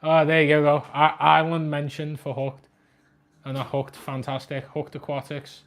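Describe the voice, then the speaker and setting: A man's voice: fairly high pitch, completely flat delivery, a bit bright. Chatty young Scouse man. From Liverpool, England. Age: 20s. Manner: quick, chatty, jokey. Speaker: aquarium livestream host. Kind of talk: casual livestream chat reading comments. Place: flat at home.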